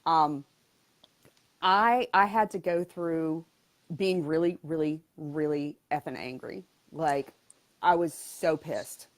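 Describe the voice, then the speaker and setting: A woman's voice: sits low, takes it slowly. A middle-aged woman coach speaking candidly as an interview guest, frank and blunt with touches of humor.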